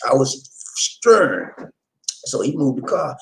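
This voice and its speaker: Man, middle-aged, vlog host, casual storytelling, expressive and up-and-down delivery, talks right to the viewers. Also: medium pitch, slow, vocal fry, poor audio. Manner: animated, folksy, addresses viewers directly. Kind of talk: casual storytelling chat to camera. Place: home in the Philippines.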